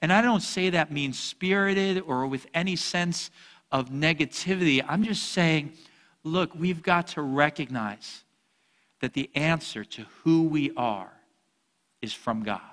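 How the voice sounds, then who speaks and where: A man preaching a sermon, a lively storyteller with jokes who swings between loud and soft. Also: a little high, a little slow, big-room sound. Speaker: pastor.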